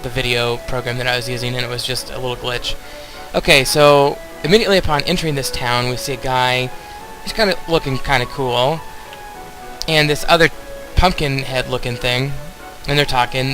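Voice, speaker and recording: A man's voice: mid-range voice, fairly even intonation, fairly quick, pushed and bright, faint music behind, poor audio. A young man casually commenting on a video game as he plays, rambling and talking straight to his viewers. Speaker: let's play host.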